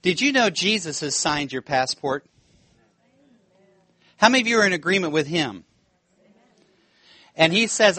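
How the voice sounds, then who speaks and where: Male preacher, high bright voice, dry close sound, lively storytelling sermon. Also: a little slow, long pauses, dry recording. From United States. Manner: animated, laughing, acts out quoted voices. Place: church.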